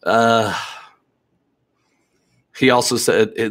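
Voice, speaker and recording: A man with a somewhat low voice hosts a casual live stream, chatting easily and joking around. He reads viewer comments aloud and teases the people in the chat. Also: a little slow, fairly bright tone. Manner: joking, laid-back, teasing viewers.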